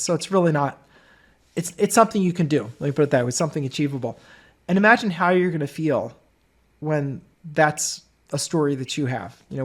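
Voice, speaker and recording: Man telling stories in a slightly high voice. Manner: conversational storytelling. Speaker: business course instructor. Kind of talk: informal presentation.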